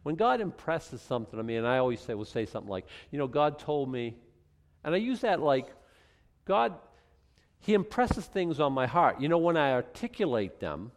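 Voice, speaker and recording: Conversational preacher with a Boston accent. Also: male voice, mid-range voice, very animated, moderate pace. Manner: conversational preaching with rhetorical questions and restarts. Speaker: pastor. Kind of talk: sermon.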